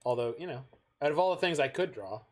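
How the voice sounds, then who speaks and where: A man's voice: medium pitch, lively intonation, fast talker. Chatty Canadian man streaming a card game. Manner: chatty, thinks aloud while playing. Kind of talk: casual gameplay chat.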